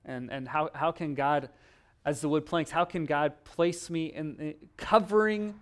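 Chatty male preacher, slightly high voice. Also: measured pace. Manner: conversational, self-deprecating, acts out little dialogues. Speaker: pastor. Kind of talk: sermon.

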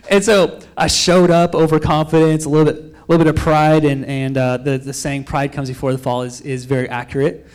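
Young man preaching with a high voice. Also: a little fast. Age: young adult. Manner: storytelling, animated quotes of himself and others; loose, rambling with frequent fillers and restarts. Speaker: pastor. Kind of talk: sermon.

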